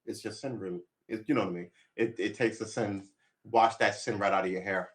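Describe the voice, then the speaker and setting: A man's voice: fairly low pitch, fairly even intonation, brisk. A man chatting casually on a live stream, rambling and making wry jokes.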